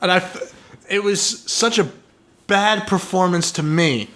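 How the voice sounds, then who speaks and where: A man's voice: sits high, measured pace, pushed and bright. A man co-hosting a film podcast, talking bluntly and mockingly with a lot of swearing. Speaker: podcast co-host. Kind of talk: casual chat.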